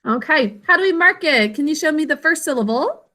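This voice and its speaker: A woman teaching a class over a video call, encouraging and sounding out words slowly. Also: high-pitched, expressive, bright, forceful tone.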